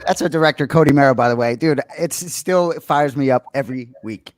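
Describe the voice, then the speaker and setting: A man's voice: mid-range voice, fairly quick, dry recording. A man in his forties from the Boston area, co-hosting a podcast in casual chat, rambling with many fillers. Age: 40s. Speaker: podcast co-host.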